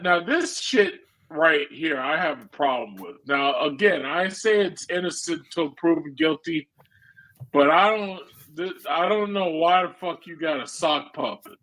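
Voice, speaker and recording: A man hosts a stream and riffs bluntly on what he watches, cursing freely and joking. His voice sits a bit higher than most men's. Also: a bit bright. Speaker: stream host. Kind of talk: casual reaction commentary.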